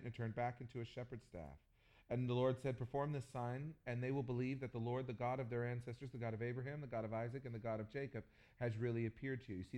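Male pastor, mid-pitched, animated joking sermon delivery with loud bursts. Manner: animated storytelling with jokes and sudden loud bursts.

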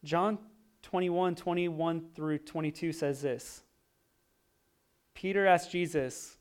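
A man preaching a sermon, animated, swinging from loud emphasis to hushed, quiet asides. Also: fairly high pitch, slow, long pauses. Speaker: pastor.

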